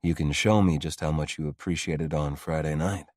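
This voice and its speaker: An actor playing a confident, teasing rich young man in an audiobook, speaking smoothly with a low, gritty voice. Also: normal speed, darkish tone, no echo, studio quality. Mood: commanding. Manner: smooth, commanding. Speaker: love interest. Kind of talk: audiobook dialogue.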